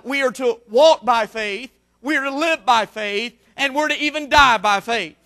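A man preaching a sermon in a strikingly high voice with a bright, forceful edge. He hammers repeated phrases and climbs into shouts. He speaks as a missionary pleading with his church. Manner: impassioned, repetitive preaching cadence with shouted peaks.

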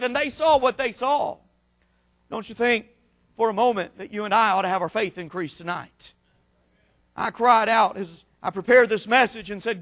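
A man, a missionary preacher, delivering an impassioned sermon with repetitive cadences that build to shouted peaks. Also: very high-pitched, moderate pace.

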